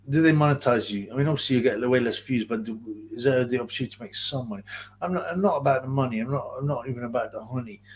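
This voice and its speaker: A man's voice: mid-range voice, a little mellow. Rambling London man on a livestream. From Greater London. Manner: rambling, slangy, reads chat aloud. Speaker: livestream host. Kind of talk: casual livestream chat.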